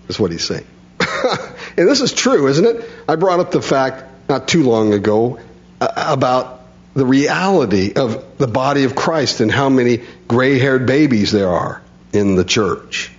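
A man's voice: medium pitch, lively intonation, measured pace, highs cut off. A man preaching a sermon, reading scripture and explaining it in a folksy way, often chuckling.

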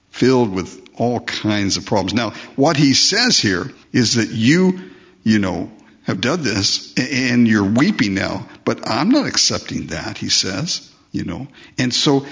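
A gravelly, slightly bright male voice on the lower side belongs to a pastor giving a conversational sermon. He asks rhetorical questions and acts out quoted voices, captured on a dull lo-fi recording.

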